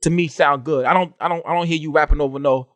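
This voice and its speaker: A man hosting a podcast, chatting casually with a guest, animated and swearing, often restarting his sentences. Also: a little high, quick pace, no echo. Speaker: podcast host. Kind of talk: casual interview chat.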